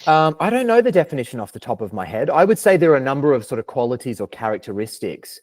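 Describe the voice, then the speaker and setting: A man's voice: mid-range voice, big pitch swings, quick pace, a little mellow. A young Australian man as a podcast guest, talking in a thoughtful, philosophical way, hedging and restarting his sentences. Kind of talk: casual interview chat.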